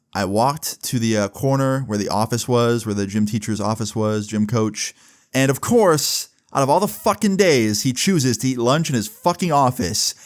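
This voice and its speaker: A man telling a personal school story in a casual storytime vlog, full of swearing and fillers like "right?". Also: mid-range voice. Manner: casual, profane, filler-heavy.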